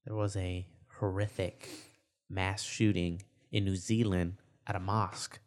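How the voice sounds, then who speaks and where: A man's voice: sits low, little pitch movement, a little slow. A man co-hosting a podcast, joking around in casual chat. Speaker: podcast co-host.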